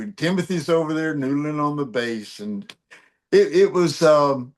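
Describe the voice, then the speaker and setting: Animated older man telling stories. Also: on the high side, measured pace. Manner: animated storyteller, laughs often. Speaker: guest musician. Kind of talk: storytelling interview.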